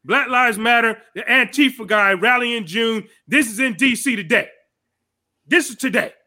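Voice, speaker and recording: A man hosting a podcast, giving heated, profane political commentary and shouting angrily. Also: very high-pitched, moderate pace. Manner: angry, shouting, profane ranting. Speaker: podcast host.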